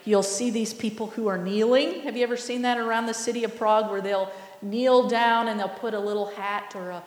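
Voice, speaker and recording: A woman preaching a sermon, earnest and teaching in manner. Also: mid-range voice. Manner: earnest, teaching, slow and deliberate. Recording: echoey hall, long reverb.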